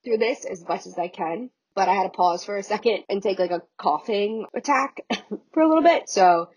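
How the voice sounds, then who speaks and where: A young woman hosting a casual solo podcast, chatty and excited, a little sick with her voice cracking. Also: medium pitch, normal speed, breathy edge, dull audio. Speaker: podcast host.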